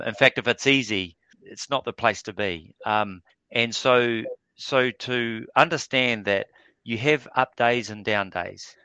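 A man's voice: fairly low pitch, pushed and bright, clear, resonant tone, no room sound, muffled recording. A man answering interview questions in a casual, hesitant way, full of fillers and restarts. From New Zealand. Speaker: guest.

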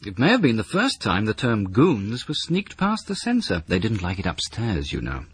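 A radio presenter introducing old comedy clips with dry, wry scripted narration. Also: male voice, fairly low pitch, huge pitch swings, moderate pace, husky.

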